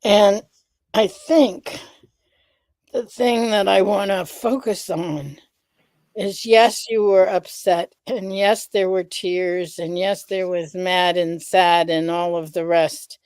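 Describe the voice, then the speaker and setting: A woman's voice: mid-range voice, steady tone, takes it slowly, a little mellow, no room sound. A woman hosting a candid conversation, thoughtful and a little hesitant. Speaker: host.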